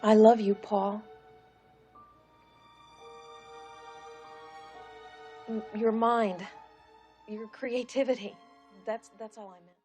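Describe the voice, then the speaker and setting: A woman's voice: fairly even intonation, measured pace, warm tone, soft background music, lightly acted. An actress playing a prim, doting middle-aged woman with a volatile temper, in a film scene. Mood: apologetic. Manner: prim and sugary, then shrill and scolding. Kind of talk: film drama.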